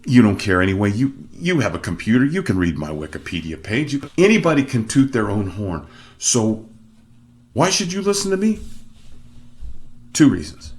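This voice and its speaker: A middle-aged male opera singer hosts his own show, telling the story of his career as a monologue. His speaking voice sits low, and he keeps it lively and self-deprecating, shifting his delivery for emphasis. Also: brisk.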